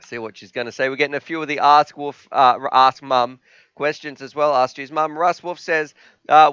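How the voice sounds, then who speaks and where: A man's voice: medium pitch, fairly quick, pushed and bright, clean tone, dry recording. Chatty Australian man hosting a live stream. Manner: chatty, reads viewer comments, laughs easily. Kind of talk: casual live stream chat. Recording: dry, slightly dull lo-fi sound.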